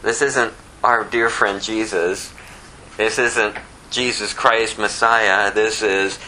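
A man leading an informal Bible study, teaching a small group with animated storytelling and sudden emphatic bursts. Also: lowish voice, takes it slowly, slight background noise, low-quality recording.

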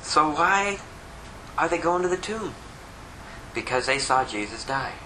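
A man delivering a sermon in a high, sharply bright voice. He is emphatic and keeps circling back to rhetorical questions to hammer his points home. There is a faint hum of noise behind him. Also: expressive, a little slow, roomy sound, poor audio. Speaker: preacher.

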